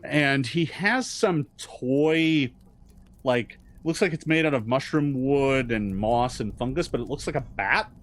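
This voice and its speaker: A man narrating as game master of a tabletop game, halting and full of restarts. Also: mid-range voice, lively intonation, fairly bright tone. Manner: hesitant, full of fillers and restarts.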